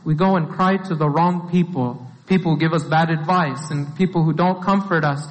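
A man's voice: fairly high pitch, steady tone, moderate pace. A man preaching a sermon in a conversational way, often filling with "like". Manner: conversational, with many "like" fillers. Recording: long hall reverb.

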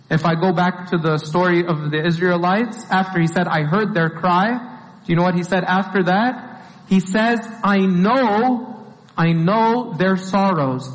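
A man preaching a sermon in a conversational way, often filling with "like". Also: sits high. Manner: conversational, with many "like" fillers. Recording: long hall reverb.

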